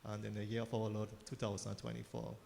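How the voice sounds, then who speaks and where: A man, a pandit giving a measured, formal address at a temple service. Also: fairly low pitch, completely flat delivery, creaky, dark tone. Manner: measured, orderly, counts points in threes. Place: temple hall. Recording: reverberant temple hall, faint noise.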